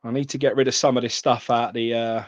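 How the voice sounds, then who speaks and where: A man's voice: mid-range voice, level tone, fast talker, no room sound, dull audio. A man hosting a live trading card stream, chatting casually and calling viewers mate.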